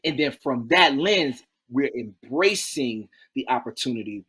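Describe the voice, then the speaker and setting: A man as an interview guest, telling stories in a lively, folksy way, acting out quotes and repeating key phrases. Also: medium pitch, measured pace, husky. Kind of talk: animated interview storytelling.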